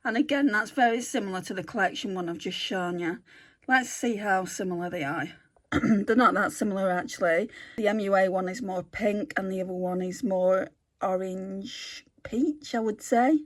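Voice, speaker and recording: A beauty vlogger chats casually while swatching makeup, thinking out loud and correcting herself along the way. Her voice sits at a medium pitch and moves at a normal speed.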